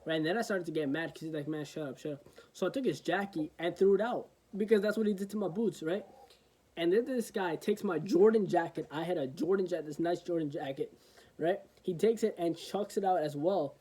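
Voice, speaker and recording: A man's voice: sits high, a little fast, dark tone, rough recording. A young man vlogging, telling a story in a loose, rambling way, full of fillers and "right?". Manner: rambling, filler-heavy, keeps asking "right?". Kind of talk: casual storytelling.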